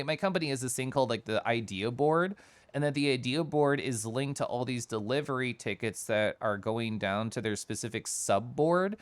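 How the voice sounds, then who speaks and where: A man in casual stream chat, telling a work story in an animated way, mocking others in quoted voices and laughing often. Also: medium pitch, clear, resonant tone. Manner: laughs often while talking.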